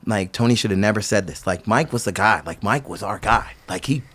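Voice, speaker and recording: A man in his fifties, a veteran skateboarder guest on a podcast, telling stories in a loose, animated way, acting out what people said and filling with "like". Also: on the low side, fairly quick. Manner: animated, acts out quoted voices, filler-heavy "like". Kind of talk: casual storytelling interview.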